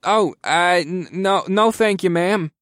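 A man's voice: a little high, lively intonation, a little fast, no room sound, studio quality, voice pushed up, natural voice. A man voicing a nervous, apologetic male health inspector who stammers when flustered.

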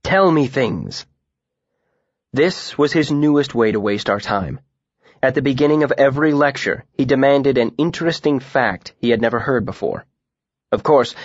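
Steady male audiobook narrator. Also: mid-range voice, dry recording. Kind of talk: scripted first-person narration. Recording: dull, dry studio audiobook recording.

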